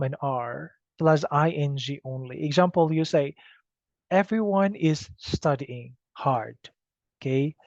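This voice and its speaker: A man explains English grammar in a slow, patient lecture, often stopping to ask "okay?". His voice sits a little high and gravelly. The recording is dry and muffled. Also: darkish tone, no room sound. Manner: slow, patient, repeats "okay?" to check understanding. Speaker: English teacher.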